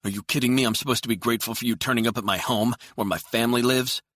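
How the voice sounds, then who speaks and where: A man voicing an angry, frightened journalist who snaps and protests in tense bursts, pitched above his own voice. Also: expressive, brisk, bright, forceful tone, slightly rough, no room sound, clean studio sound, heavily acted. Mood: agitated. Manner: tense, agitated outbursts.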